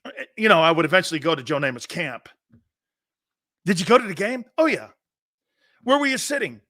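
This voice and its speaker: A man in his fifties from the northeastern United States, hosting a sports talk show in a casual, joking way and reading out viewer comments. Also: high voice. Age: 50s. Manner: animated, joking, quick to laugh.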